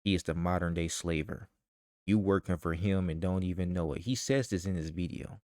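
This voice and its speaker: A very low-voiced man, ranting in a vlog commentary. He talks in a heated, profane way and keeps firing rhetorical questions. The sound is dry and close, with no room echo. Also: brisk, a little mellow. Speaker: vlogger.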